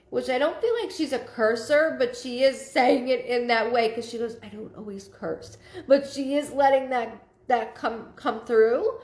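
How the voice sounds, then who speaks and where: A woman giving a live psychic reading, relaying messages in a halting way with many fillers. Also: fairly high pitch, roomy sound. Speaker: psychic medium.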